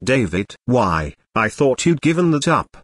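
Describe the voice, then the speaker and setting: A man's voice: mid-range voice, very animated, unhurried, slightly rough, dry recording, clean studio sound. A synthetic man's voice reading the lines of a doting wife in a coaxing, affectionate way.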